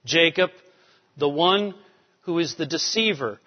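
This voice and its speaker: Speaking unhurriedly in a slightly high voice, a man delivers a conversational Bible lecture, pausing to check in with rhetorical questions. The audio is dull, with long hall reverb.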